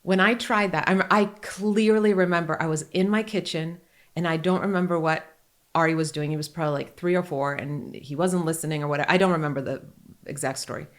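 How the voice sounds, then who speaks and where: Animated joking woman podcast host. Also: fairly low pitch, brisk. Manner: animated, joking and candid storytelling. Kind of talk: casual podcast chat.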